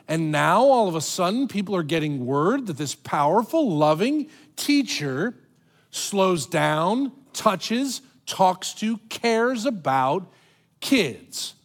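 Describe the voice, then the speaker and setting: Animated male pastor preaching. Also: high voice. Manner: animated, conversational preaching with dramatic pauses. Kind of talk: sermon.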